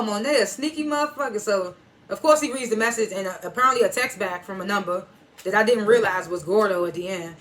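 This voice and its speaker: A woman's voice: mid-range voice, pushed and bright. A woman reviewing a TV episode in a casual recap, loosely retelling scenes and swearing now and then.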